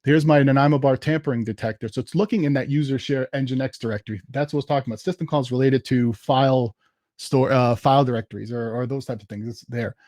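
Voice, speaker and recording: A man giving a casual live software demo at a tech meetup, thinking aloud as he types commands. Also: mid-range voice, fairly even intonation, fast talker, no room sound, clean studio sound.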